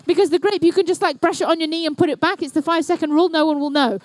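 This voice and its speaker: A woman's voice: very high-pitched, steady tone, rapid-fire, few pauses, dry recording. A young woman emceeing a robotics competition, giving live match commentary with playful, jokey asides. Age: young adult. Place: indoor robotics competition venue.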